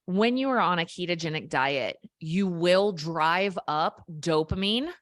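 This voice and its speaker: A woman speaking as a guest health coach in a casual conversation. Her voice sits a little low and sounds dry and close, and she explains in simple terms with plenty of energy. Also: animated, a little slow, dry recording.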